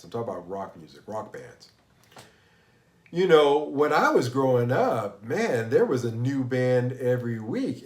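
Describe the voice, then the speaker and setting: Sounding tired and a bit sick, this livestream host chats casually about music, rambling and starting over again and again. His voice is medium-pitched with a roomy quality.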